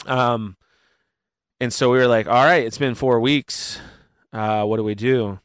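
Guy in a podcast interview, smooth clear voice, rambly storytelling with lots of ums, dry mic. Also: medium pitch, no room sound. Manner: animated storyteller with many fillers and quick asides. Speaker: worship pastor, guest.

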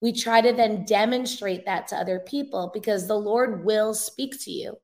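In a podcast interview, a young woman who is a revivalist minister speaks as a guest, offering an earnest and emotional testimony conversationally. Her voice sits in the middle range, somewhat mellow, at a moderate pace.

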